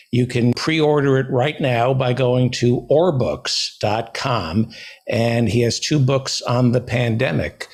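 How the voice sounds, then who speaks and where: Male comedy show host, middle pitch, chatty, repeats himself for emphasis. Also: darkish tone. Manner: chatty, repeats and spells out plugs. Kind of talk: casual comedic talk show banter.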